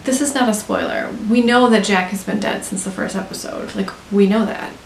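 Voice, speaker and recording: A woman's voice: medium pitch, normal speed, vocal fry. A young American woman chatting in a gushing, talkative way, full of "like", as a beauty vlogger. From United States. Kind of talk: casual chat. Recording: roomy with faint hiss.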